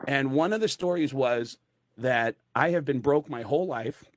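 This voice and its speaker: Male comedian on a video call, rambling story voice, dry close sound, mid pitch. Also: normal speed, no room sound. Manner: rambling, animated, full of fillers. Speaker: comedian guest. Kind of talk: comic anecdote storytelling.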